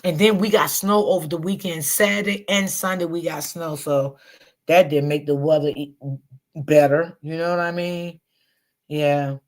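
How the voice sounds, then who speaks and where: A middle-aged woman hosting a casual livestream, chatting warmly and reading out viewer comments. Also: deep voice, fairly even intonation, normal speed. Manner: chatty, talks straight to viewers. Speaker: livestream host.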